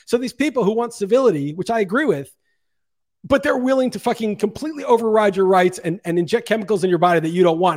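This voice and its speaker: Fast, high-voiced man ranting heatedly. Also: a little mellow. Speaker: podcast co-host. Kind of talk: casual podcast chat.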